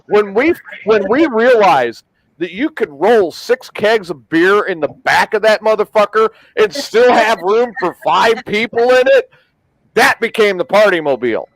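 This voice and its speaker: A man's voice: high-pitched, lively intonation, measured pace, low-quality recording. A man telling profane, rambling stories in a casual chat, often laughing at his own tales. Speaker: podcast host.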